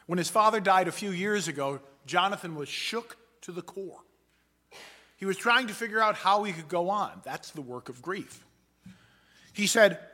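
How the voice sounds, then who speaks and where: A man delivers a sermon in an earnest, measured voice that sits a little high. His tone is bright and forceful, and he slows down deliberately to stress his main points. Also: animated. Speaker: preacher.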